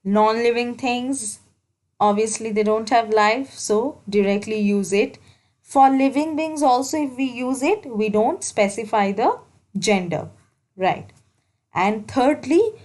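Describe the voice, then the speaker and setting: In a rough recording, a woman with a slightly high, darkish voice teaches grammar for exams. As an English teacher, she works through the material step by step and repeats the important points.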